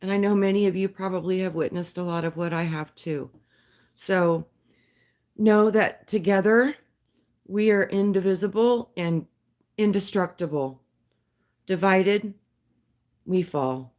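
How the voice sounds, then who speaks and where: A woman talks to her live-stream viewers at a slow, unhurried pace. Her delivery is soft, dreamy and spiritual. Her voice trembles with emotion now and then. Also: mid-range voice. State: voice shaking with emotion. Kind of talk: slow heartfelt live-stream talk and poem reading.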